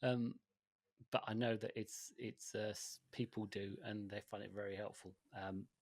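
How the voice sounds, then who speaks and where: A man's voice: fairly low pitch, steady tone, moderate pace, no echo, clean studio sound. A man co-hosting a podcast in casual chat, rambling and hesitant, with frequent restarts and fillers. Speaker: podcast co-host.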